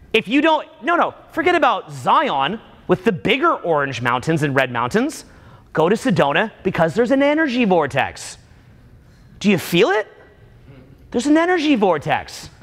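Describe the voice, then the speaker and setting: A man in his forties holds forth to a live crowd in a lively, high-set voice that swoops up and down. He acts out little scenes and fires questions at the room, and the sound rings with a long hall reverb. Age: 40s. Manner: animated, jokey storyteller who acts out bits and quizzes the crowd. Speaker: seminar speaker. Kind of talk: live talk to a room audience.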